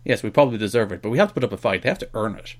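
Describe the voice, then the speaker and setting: Irish guy cohosting a wrestling podcast, teasing banter, pitch jumps all over. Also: animated, very fast. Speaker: podcast co-host. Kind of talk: joking casual chat.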